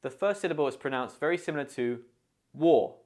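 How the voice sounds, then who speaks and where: British man teaching idioms slowly and deliberately. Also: medium pitch, animated. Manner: slow, deliberate modelling of pronunciation. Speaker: English teacher. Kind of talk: scripted language lesson.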